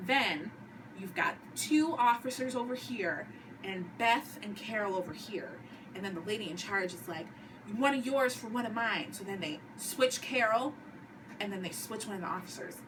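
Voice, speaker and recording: A woman vlogger dramatically recaps a TV episode in a casual, animated way, acting out the characters' lines. Her mid-range voice moves at a normal speed, picked up by a distant mic with background noise.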